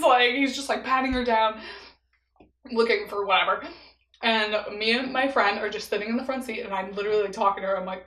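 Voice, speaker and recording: A woman's voice: on the high side, fairly even intonation, brisk, fairly bright tone, echoey room, low-quality recording. Chatty young woman, lots of "like". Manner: chatty, heavy use of "like", laughs often. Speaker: vlogger. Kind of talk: casual storytelling mukbang.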